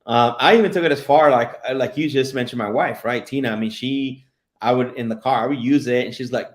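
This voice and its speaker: A man's voice: medium pitch, quick pace, echoey room. A man hosting a casual sales podcast, telling stories with lots of restarts and repeated words. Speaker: podcast host and sales coach.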